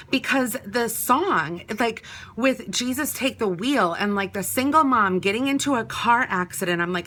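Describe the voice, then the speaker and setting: A woman's voice: a little high, normal speed, pushed and bright. A woman, telling a personal story in a casual, chatty way, full of "like" and acted-out quotes. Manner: chatty, many "like"s, acts out quoted talk.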